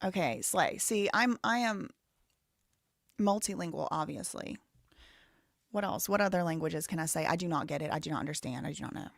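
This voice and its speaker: Woman in her 30s rambling on her live stream, kinda low voice, lots of "like", super dry sound. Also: normal speed, gravelly, pauses often, no echo. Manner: rambling, heavy on "like" fillers, thinks aloud. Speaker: livestream host. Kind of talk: casual live-stream chat.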